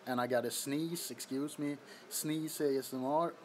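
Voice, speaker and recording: A man hosting a livestream from his apartment bedroom greets his viewers and laughs frequently in easygoing chat, sweaty because of the heat. Captured on a phone, his medium-pitched voice keeps a fairly even intonation at a moderate pace.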